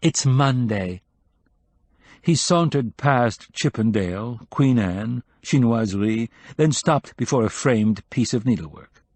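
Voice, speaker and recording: A man reading an audiobook in a measured, even scripted narration. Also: medium pitch, no echo.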